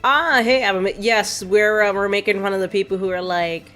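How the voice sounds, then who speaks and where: A woman's voice: medium pitch, brisk, sharp tone, soft background music. Chatty, sarcastic woman game streamer. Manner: chatty, rambling, laughs often, sarcastic. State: tired. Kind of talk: casual live-stream chat while playing.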